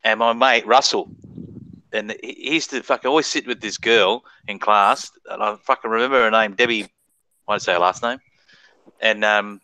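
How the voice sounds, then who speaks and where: A man's voice: fairly low pitch, moderate pace, pushed and bright, smooth, dry recording, rough recording. A man with an Australian accent telling a crude story in a casual voice chat, swearing constantly and laughing as he talks.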